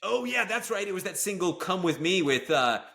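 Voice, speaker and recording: Bright-voiced enthusiastic male podcaster. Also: high-pitched, sing-song, normal speed, vocal fry. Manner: enthusiastic, rambling, full of asides. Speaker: podcast co-host. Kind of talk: casual podcast chat.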